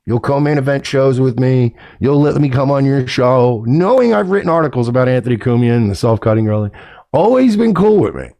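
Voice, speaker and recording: A man's voice: mid-range voice, expressive, brisk, creaky, warm tone. A man in a played clip, speaking in an indignant, sarcastic and profane way. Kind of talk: clip of a podcast rant.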